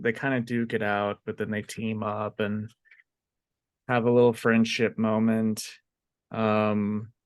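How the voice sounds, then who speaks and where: A man co-hosting a podcast, chatting casually about comic books in a relaxed, unhurried way with frequent fillers. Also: on the low side, clean tone, no room sound. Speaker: podcast co-host. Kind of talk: casual comic book review chat.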